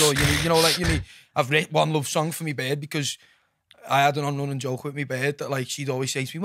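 Fast-talking Scouse man. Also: a little high, dry recording, studio quality. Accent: Liverpool (Scouse). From Liverpool, England. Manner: fast, sweary, animated storytelling. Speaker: musician guest. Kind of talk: casual podcast chat. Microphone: studio mic.

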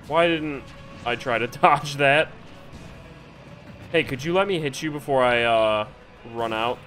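A male streamer giving live gameplay commentary, reacting excitedly and swearing at the game. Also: medium pitch, unhurried, faint music behind.

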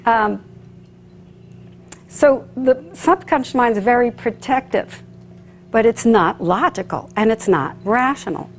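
A woman's voice: fairly high pitch, measured pace, pauses often, faint music behind. Coaxing woman hypnotist with an audience. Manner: coaxing, sing-song repetition. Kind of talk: live stage demonstration. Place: room with a live audience.

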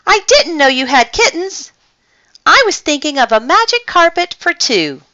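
A woman's voice: on the high side, huge pitch swings, slow pace, sharp tone, no echo, dull audio, voice pushed up, heavily acted. A woman voicing a boastful, streetwise male alley cat in a storybook read-aloud. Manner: boastful, showy.

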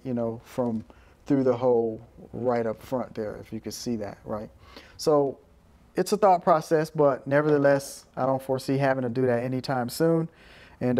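A man's voice: mid-range voice, a little mellow. A man giving a casual, conversational walkthrough of his equipment for his channel, often checking in with "right?" and "you know". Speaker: video creator showing his gear. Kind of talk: casual show-and-tell walkthrough.

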